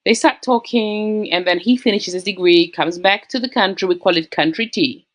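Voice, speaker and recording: A woman's voice: lowish voice, moderate pace. A woman casually retelling a relationship story, acting out the quoted lines. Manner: acts out quoted voices with lively shifts.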